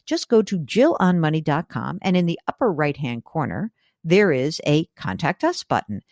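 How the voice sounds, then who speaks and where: A woman with a low voice hosts a call-in show, chatty and emphatic. Her pitch swings widely, leaping up when something excites her. The studio sound is dry and close. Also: moderate pace, no echo. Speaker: radio and podcast host. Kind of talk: casual call-in advice show.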